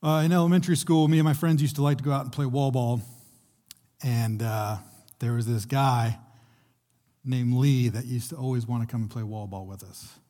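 A man's voice: mid-range voice, steady tone, normal speed, mellow. A young man preaching a sermon in a conversational way, restarting phrases as he goes. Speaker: pastor.

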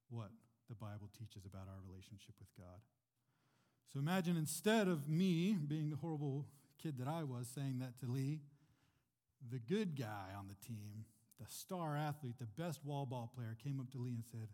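A man's voice: mid-range voice, darkish tone, long reverb tail. A man preaching a sermon in a church, talking conversationally and asking his listeners rhetorical questions. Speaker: pastor.

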